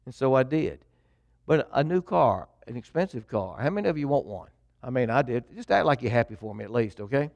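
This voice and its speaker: A man's voice: mid-range voice, animated, fairly quick, creaky, darkish tone, no echo, muffled recording. Folksy man preaching. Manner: folksy storytelling, addresses congregation. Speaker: pastor. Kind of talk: sermon testimony.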